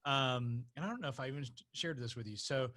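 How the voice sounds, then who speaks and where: A man from North Carolina talks as a podcast guest, spinning a personal story in a lively way. His voice is bright and clear, pitched in the middle range, and he often laughs as he goes. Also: fast talker. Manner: animated, laughs while telling stories. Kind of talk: conversational storytelling.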